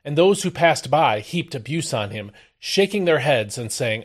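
A man hosting a daily devotional, reading a Bible passage aloud and then explaining it, with expressive emphasis on the quoted lines. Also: mid-range voice, normal speed, few pauses. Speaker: devotional host. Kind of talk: scripture reading and devotional commentary.

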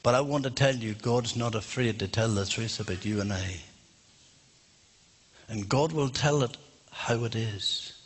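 A man's voice: mid-range voice, a little slow, pauses often, breathy edge. A man preaching a sermon in a church, fervent and emphatic.

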